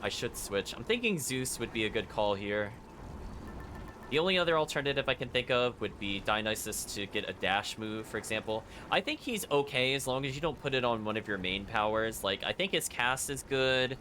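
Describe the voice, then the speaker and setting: A man's voice: mid-range voice, lively intonation, normal speed, pushed and bright, slight background noise. Chatty man commenting on his gameplay. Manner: chatty, analytical, uses fillers like 'like'. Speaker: streamer. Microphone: headset. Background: game music.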